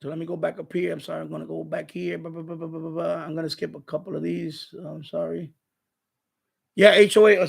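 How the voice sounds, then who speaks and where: A man with a rather high voice and a rough, gravelly edge. He hosts a live stream in a loose, chatty way. He gets worked up as he tells stories and talks to his viewers. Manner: animated ranting storyteller. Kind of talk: casual live-stream chat.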